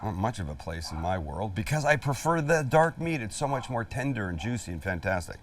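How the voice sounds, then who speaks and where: In his outdoor backyard kitchen, a middle-aged cooking show host runs a casual demonstration, chatty, jokey, and emphatic. His fairly low voice swings widely in pitch, he talks fairly quickly, and the mic sits at a distance.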